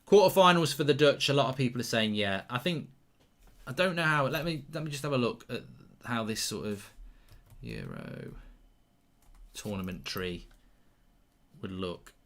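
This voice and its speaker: A man hosts a live football watchalong, mixing excited reactions to chances with casual chat and viewer questions. His voice is bright and forceful, sitting at a middling pitch. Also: normal speed, long pauses.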